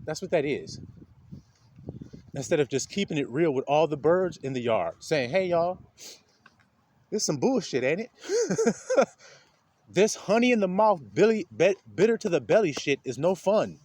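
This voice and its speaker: A man's voice: fairly high pitch, normal speed. A man giving an informal, blunt spiritual talk, laughing often as he preaches. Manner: animated, laughing, streetwise and blunt. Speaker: spiritual speaker.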